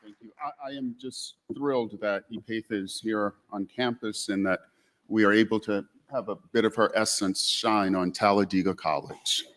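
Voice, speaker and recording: A man giving a keynote address at a college convocation, opening in a measured, courteous way with thanks and acknowledgments. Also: on the low side, steady tone, fairly bright tone. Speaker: keynote speaker. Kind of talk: formal speech remarks.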